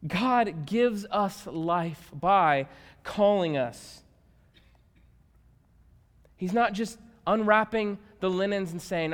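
A man preaching a sermon as a pastor, swinging from hushed tones to loud emphatic shouts. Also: sits high, expressive, very slow, long pauses. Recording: long reverb of a large hall.

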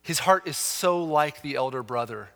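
A man preaches a sermon in a church sanctuary, his fairly high voice carrying a long hall reverb. He speaks earnestly and with animation, often restarting his phrases as he presses a point. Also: lively intonation, moderate pace, a bit bright. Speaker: pastor.

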